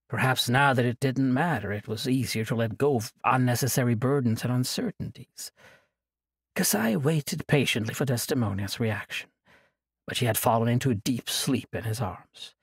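Raspy, gravelly male audiobook narrator. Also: mid-range voice, normal speed, no room sound, clean studio sound. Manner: expressive, dramatic storytelling. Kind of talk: scripted fantasy narration.

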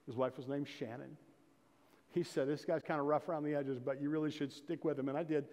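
A man's voice: a little high, steady tone, fairly quick, darkish tone. A middle-aged man preaching a sermon as pastor, telling folksy stories and building to emphatic exhortation. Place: church sanctuary. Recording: long reverb of a church hall.

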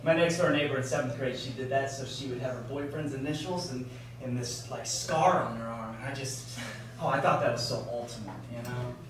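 A man's voice: mid-range voice, fairly quick, close to an everyday voice. A man acting in a live stage play as a young man wooing a girl, speaking in an earnest, wistful, storytelling way. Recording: roomy stage recording from far off, noisy.

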